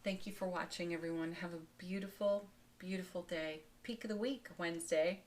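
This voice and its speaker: With a lowish voice, a woman offers her daily spiritual tarot reading, calm and slow-paced, with gentle laughter as she moves from card to card.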